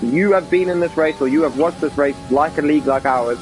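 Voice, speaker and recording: Chatty excitable man commentating a race. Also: on the high side, a little fast, faint music behind, poor audio. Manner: excitable, chatty, addresses viewers as guys. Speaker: league commentator. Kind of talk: casual esports race commentary.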